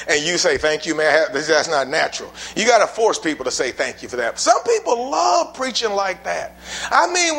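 A man's voice: fairly high pitch, vocal fry, a bit bright. A man preaching a sermon to a congregation in a church, emphatic and folksy, pressing his point with rhetorical questions. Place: church building before a congregation.

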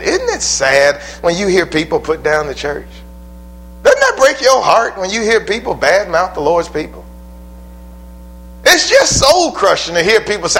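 A man preaching a sermon in a church, with emphatic call-and-response, swinging from loud exclamations to soft pleas. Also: a little high, rough recording. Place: church building.

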